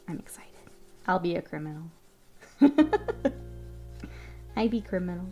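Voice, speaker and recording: A woman streamer chatting casually with her live chat while she works, often murmuring softly, laughing easily, with a stuffy nose. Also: fairly low pitch.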